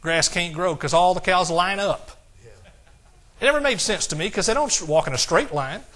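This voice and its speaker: A male pastor preaching an exuberant sermon, shouting praise and reading scripture slowly and emphatically. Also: high voice, animated.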